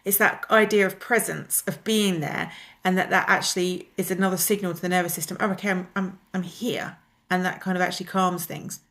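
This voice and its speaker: Calm woman guiding breathing exercises. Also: fairly low pitch. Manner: calm, gently instructive, slows down to guide exercises. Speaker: wellness teacher. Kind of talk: guided breathing lesson.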